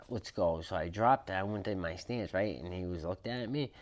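A man with a Boston accent, a podcast guest telling prison stories in a loud, profane, animated way, acting out the quotes. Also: low-pitched, moderate pace, noisy background. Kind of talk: casual storytelling interview.

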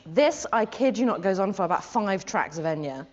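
A woman in her forties from England, an actress telling a comic story to an audience in an animated, giggly way. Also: mid-range voice, brisk, few pauses, very noisy. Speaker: actress guest. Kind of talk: comic anecdote before an audience. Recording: muffled audio, loud audience.

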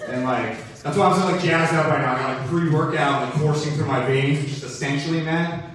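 A young man with a laid-back Californian surfer drawl doing an energetic stand-up set on a club stage. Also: a little high, brisk. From Boston. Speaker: stand-up comedian. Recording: roomy club sound from a distance. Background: laughing audience.

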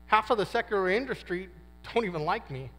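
Man in his 50s, high voice, slangy testimony talk with acted-out quotes, long hall echo. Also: lively intonation, quick pace, a bit bright, faint music behind. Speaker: guest speaker at a men's conference. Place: conference hall. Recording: long reverb of a large hall.

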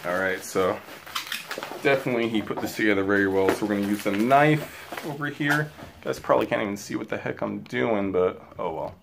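A man talking excitedly and rambling to his viewers while unboxing in a casual vlog. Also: lowish voice, a little fast, creaky, noisy background. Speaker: wrestling belt collector vlogger.

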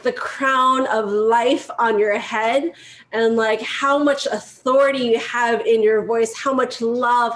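A high-voiced woman leads a group and praises a speaker with effusive warmth. She talks at an unhurried pace, with lots of casual fillers. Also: low-quality recording. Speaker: group leader giving feedback. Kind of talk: encouraging casual feedback.

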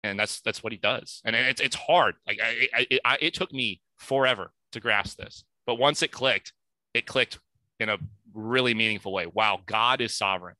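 A man's voice: medium pitch, moderate pace, bright, forceful tone, dry recording. A young man talking through a Bible passage in a casual podcast, reading verses aloud and correcting himself as he thinks. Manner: reads scripture aloud with emphasis. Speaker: podcast speaker.

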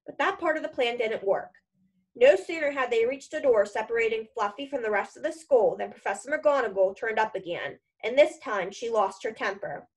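A woman reading a children's novel aloud with clear, steady narration. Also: on the high side, normal speed. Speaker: reader. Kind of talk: audiobook reading.

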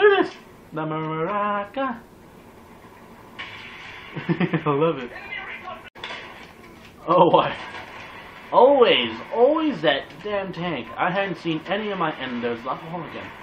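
A man commentating his own shooter gameplay, excitable and yelling and swearing at the game, heard through a dull lo-fi mic. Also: on the high side, takes it slowly, long pauses, slight background noise. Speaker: gamer.

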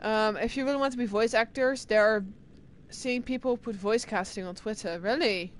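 Bubbly high-voiced woman streamer. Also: normal speed, a little hiss or hum. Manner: chatty, reads and answers chat, bubbly and excitable. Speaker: game streamer. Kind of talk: casual live-stream chat.

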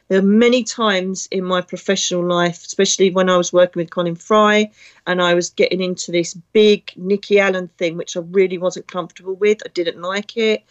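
A woman's voice: medium pitch, lo-fi sound. Blunt, chatty woman. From Britain. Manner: blunt, chatty, emotional storyteller. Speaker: psychic medium. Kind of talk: casual spiritual talk.

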